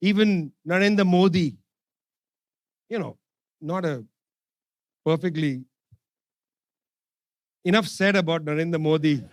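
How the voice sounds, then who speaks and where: Brief: male speaker, high voice, fiery sarcastic rally speech, dry close sound. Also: a little slow, long pauses, dry recording. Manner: sarcastic, repeats phrases for emphasis. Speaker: speaker at a political forum. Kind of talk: impassioned public speech. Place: forum event hall.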